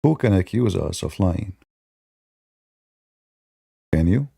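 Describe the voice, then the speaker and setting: Man, gravelly, sarcastic debate-show host with a mellow, dark tone. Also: animated, takes it slowly, dry recording, studio quality. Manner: mocking, sarcastic, imitates opponents in high voices. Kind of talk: polemical monologue.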